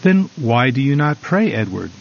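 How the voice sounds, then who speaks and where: A man voicing an earnest older man who gently and patiently counsels a troubled son. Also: medium pitch, very animated, moderate pace, vocal fry. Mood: patient persuading. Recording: slightly dull recording, faint music.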